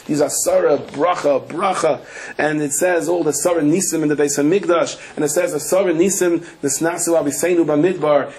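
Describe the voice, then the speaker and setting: A man, a rabbi, teaching a Torah lecture as a lively storyteller who keeps asking rhetorical questions and tossing in wry asides. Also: fairly high pitch, husky, poor audio. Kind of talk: Torah lecture to a live audience.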